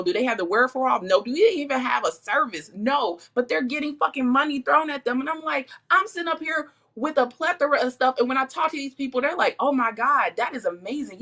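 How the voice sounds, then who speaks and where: A woman's voice: fairly high pitch, a bit bright. A woman guest talks in a casual chat, venting frustration in long run-on sentences and swearing now and then. Her voice sits mid-range and sounds plain.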